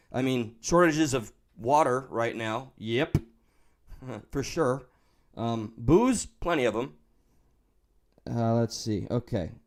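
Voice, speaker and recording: A man's voice: mid-range voice, a little mellow. Man, New York accent, casual livestream chat, profane, rambling, candid. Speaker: livestream host reading chat.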